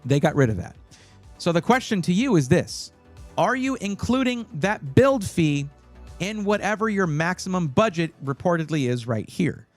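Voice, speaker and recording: Lively, animated male stream host. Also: high-pitched, normal speed, faint music behind. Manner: chatty and animated, many fillers, bursts of excitement. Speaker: livestream host giving PC buying advice. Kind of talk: casual live-stream chat.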